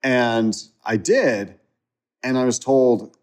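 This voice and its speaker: Low-voiced man telling stories in an interview. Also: unhurried. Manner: rambling, restarts, animated when mocking. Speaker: guest. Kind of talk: casual interview talk.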